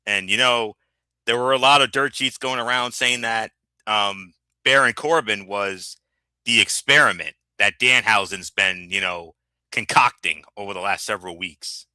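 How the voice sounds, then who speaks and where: Brief: male co-host, very bright tense tone, dry close sound, animated and stammering. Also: on the low side, moderate pace, clean tone, no echo. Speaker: podcast co-host. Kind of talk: casual wrestling recap chat.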